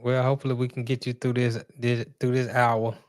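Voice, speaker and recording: A man's voice: medium pitch, monotone, fairly quick, no room sound, studio quality. A man co-hosting a casual podcast, laid-back and agreeable with a teasing humor. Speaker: podcast co-host. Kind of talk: casual chat.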